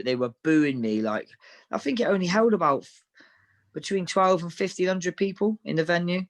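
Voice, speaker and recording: A man's voice: a little high, moderate pace. Frank man telling stories. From Devon, England. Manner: frank, anecdotal, matter-of-fact. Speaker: professional boxer, interview guest. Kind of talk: casual interview storytelling.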